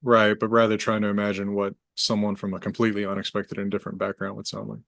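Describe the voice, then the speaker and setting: A man with a low voice hosts a relaxed interview over a video call. His sound is close and dry, and he asks curious questions with a few hesitant restarts. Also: fast talker, gravelly, dry recording. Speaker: host, language teacher. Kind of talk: casual interview chat.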